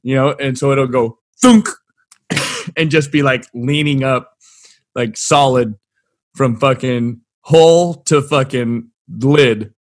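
A man's voice: mid-range voice, slow pace. A man co-hosting a crude comedy podcast, rambling through gross stories with lots of fillers and easy laughter. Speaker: podcast co-host.

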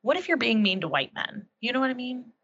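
Bright-voiced woman in her twenties. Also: on the high side, very animated, brisk, slightly rough. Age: 20s. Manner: chatty, joking, trailing off. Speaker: co-host. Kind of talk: casual chat. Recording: dull lo-fi sound.

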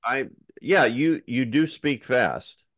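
A man co-hosting a casual podcast chat, relaxed and encouraging, with frequent fillers. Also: mid-range voice, takes it slowly, no echo, clean studio sound. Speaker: podcast co-host.

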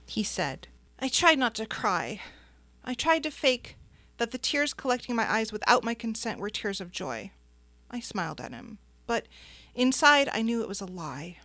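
A woman reading a first-person audiobook in a soft, reflective way. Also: a little high, big pitch swings, moderate pace, dry recording. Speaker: narrator.

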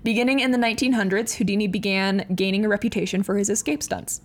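A woman with a voice of middling pitch tells a history story to her co-host in relaxed podcast chat. She reads facts from her notes, then breaks off to laugh at the jokes before picking the thread back up. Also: fast.

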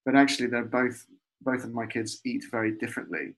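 Husky middle-aged man, animated storyteller, from Peru. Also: mid-range voice, a little fast, poor audio. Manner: warm, animated storytelling about food. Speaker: guest. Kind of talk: casual conversation.

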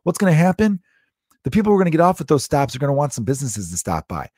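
Excitable swearing man ranting solo. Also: racing, no room sound, studio quality. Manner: animated, swears often, pitch jumps up in disbelief. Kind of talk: casual solo rant.

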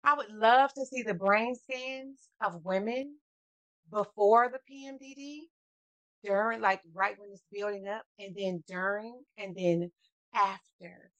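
A woman's voice: mid-range voice, unhurried, fairly bright tone, rough recording. Woman host who keeps listening and agreeing. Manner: supportive, gives frequent short agreements. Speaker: podcast host. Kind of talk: casual interview conversation.

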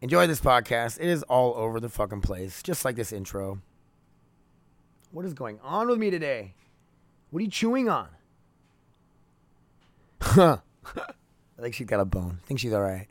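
A young man hosts his own solo podcast from home near the laundry room, rambling candidly and swearing plenty into a podcast microphone. His mid-range voice swings widely in pitch at normal speed, he pauses often, and there's no echo.

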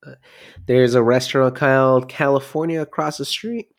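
A man voicing a cool, unbothered young male cop who talks in a relaxed, smooth way. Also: medium pitch, moderate pace, natural voice.

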